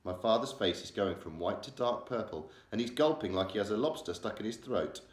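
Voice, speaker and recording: Animated man reading a children's story. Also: lowish voice, fairly quick. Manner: animated, changing voices for characters. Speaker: primary school teacher. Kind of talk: reading a children's novel aloud. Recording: echoey room.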